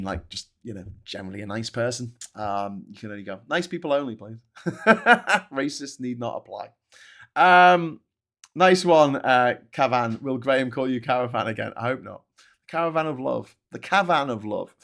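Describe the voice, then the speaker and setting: A middle-aged British man chats through a live stream, reading out viewer comments and reacting as he goes. He laughs often and swears freely, and his voice sits at an ordinary, mid-range pitch. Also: fairly bright tone. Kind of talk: casual live chat.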